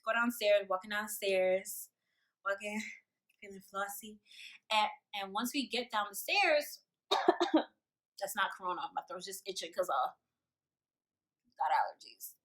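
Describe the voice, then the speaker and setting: A young woman telling a casual storytime, animated and slangy, acting out what people said. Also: mid-range voice, measured pace, pauses often. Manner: animated, slangy, acts out quotes.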